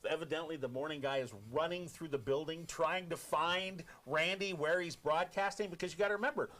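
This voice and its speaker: A man's voice: a little high, a little fast. American man telling a radio war story. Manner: animated storyteller, acts out quotes. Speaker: radio host. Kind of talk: casual storytelling on air.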